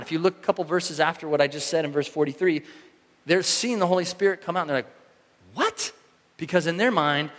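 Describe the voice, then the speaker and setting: A man preaching a sermon in a casual, animated way, acting out the reactions of the people in his story. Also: fairly high pitch, long reverb tail. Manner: animated, conversational, acts out quoted reactions. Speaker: pastor.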